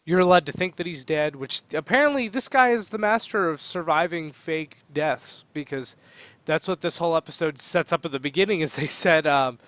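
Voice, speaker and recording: A man co-hosting a podcast in casual chat, animated and quick to argue his point. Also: fairly high pitch, no room sound. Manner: animated, talks over others, laughs often. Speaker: podcast co-host.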